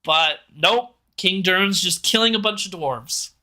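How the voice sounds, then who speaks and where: A bright, forward voice of a live review streamer talking loosely into a desk mic. The delivery is animated and incredulous, with frequent laughs and rising disbelief. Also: mid-range voice, measured pace.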